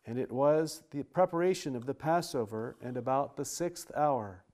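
A man reading scripture aloud in a steady, formal style with archaic wording. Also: medium pitch, normal speed.

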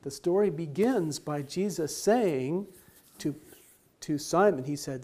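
Slow, high-voiced man telling a Bible story. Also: warm tone. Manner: simple explanatory retelling with asked questions. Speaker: Bible teacher.

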